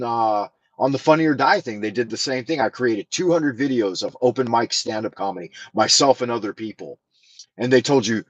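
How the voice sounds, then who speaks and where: Here an American livestream host, at home in China, uses a mounted camera mic for a rambling chat full of emotion and profanity. His voice is medium-pitched, and the audio is dull with no room sound.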